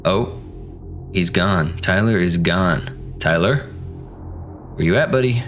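A man with a fairly low voice commentates a horror game in a playful, joking way. He keeps chatting to the characters on screen. Faint music plays underneath. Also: slow, fairly bright tone. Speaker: gaming channel host.

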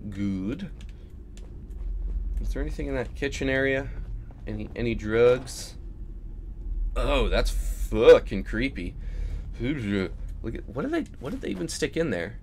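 Excitable man swearing through gameplay. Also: medium pitch, takes it slowly, long pauses, a little hiss or hum. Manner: excitable, swears freely, jumps into silly squeals. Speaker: gaming YouTuber. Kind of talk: casual let's-play commentary.

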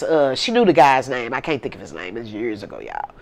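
A woman's voice: low-pitched, expressive, brisk, fairly bright tone. A woman with a St. telling a story in casual talk, blunt and swearing freely. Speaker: vlogger.

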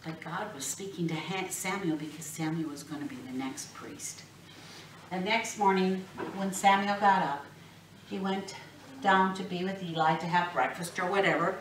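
In an echoey classroom or church room, a woman with a lowish voice tells children a Bible story at a normal speed, acting out the voices and asking them questions. She was recorded from a distance, with slight background noise.

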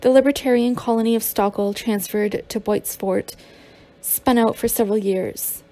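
A woman's voice: a little high, steady tone, normal speed, warm tone. A woman narrating a memoir as an audiobook, with occasional stumbles and restarts.

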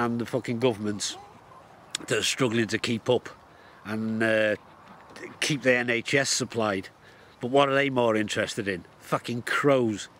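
A man's voice: mid-range voice, a bit bright, slight background noise. A man vlogging outdoors in the countryside, delivering a heated, blunt rant to camera and swearing constantly. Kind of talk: profane angry rant to camera.

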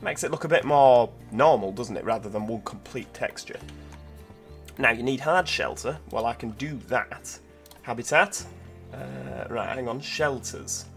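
A man giving casual, chatty commentary while playing a zoo-building game, thinking aloud with lots of fillers, over quiet background music. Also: medium pitch, measured pace, creaky. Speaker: gameplay video host. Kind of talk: casual let's-play commentary.

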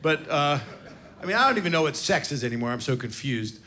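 A man's voice: on the high side, sing-song, fairly quick, bright, forceful tone. A man in his sixties doing a stand-up comedy set, brash and self-mocking with crude punchlines, recorded live in a comedy venue. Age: 60s. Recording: live club recording with crowd noise. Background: audience laughter and cheering.

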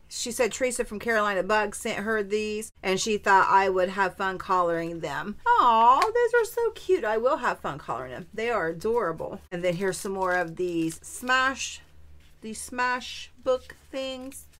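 A woman's voice: mid-range voice, normal speed, bright, forceful tone. A woman vlogger chatting casually as she opens a craft supply swap, gushing with delighted exclamations over each item. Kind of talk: casual unboxing chat.

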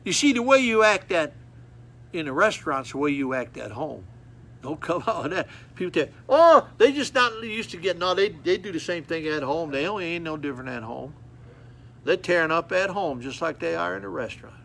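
A man preaching a sermon, folksy and repetitive, telling stories with animated acted-out moments. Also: a little high, fairly quick, vocal fry.

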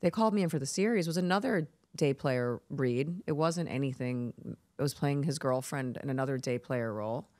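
On a casual podcast, a female guest with a deep voice spins brash, foul-mouthed stories, giving each person she quotes a lively voice of their own. The recording is dry.

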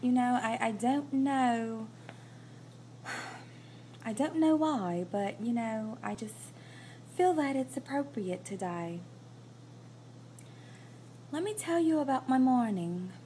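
A woman putting on a posh British accent in a casual phone vlog, speaking slowly in a mock-prim manner. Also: a little high, lively intonation, dark tone, slight background noise. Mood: amused. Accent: put-on British. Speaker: vlogger. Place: at work, on a break.

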